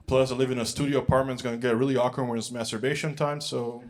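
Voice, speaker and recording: A male stand-up comedian rattles through his story at a brisk clip, with a dry, sardonic edge to every line. His voice sits at an ordinary middle pitch, and he speaks into a handheld mic on a big concert hall stage. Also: steady tone, slight background noise. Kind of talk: stand-up set.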